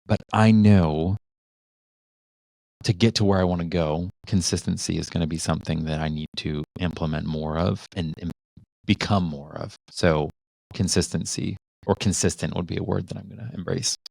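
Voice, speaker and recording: Low-voiced man musing in casual chat. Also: steady tone, normal speed, vocal fry, a little mellow, no echo. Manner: reflective, many restarts and fillers. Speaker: podcast co-host.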